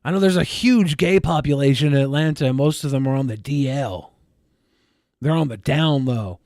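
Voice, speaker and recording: A man's voice: medium pitch, normal speed, darkish tone, no room sound, studio quality. A man co-hosting a podcast, reading messages aloud in casual, crude and sarcastic chat. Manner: sarcastic, crude, reads aloud with mock emphasis. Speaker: podcast co-host.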